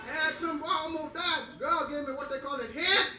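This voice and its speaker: A man's voice: very high-pitched, normal speed, bright, forceful tone. An older man doing bawdy stand-up, rambling and boastful, breaking into cackling laughs. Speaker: comedian. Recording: roomy, distant, noisy old vinyl recording.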